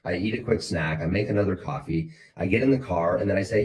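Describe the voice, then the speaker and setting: Blunt low-voiced man coaching salespeople. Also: fast talker, hardly any pauses, a little mellow, low-quality recording. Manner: blunt, motivational, repetitive. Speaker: sales team leader.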